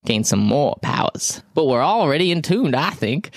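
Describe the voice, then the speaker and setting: A man's voice: fairly high pitch, very animated, normal speed, no room sound, clean studio sound. A man voicing a friendly talking scimitar that was once human, with a genial Southern American drawl and a joking manner. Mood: cheerful, boastful. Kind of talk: improvised tabletop role-play.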